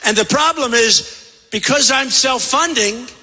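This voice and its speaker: A man gives a campaign rally speech in a rambling, conversational way, circling back and repeating himself. His voice is high for a man, bright and forceful. It rings out through a big convention hall with a long reverb. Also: a little slow. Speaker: political candidate at a rally. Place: large convention center hall.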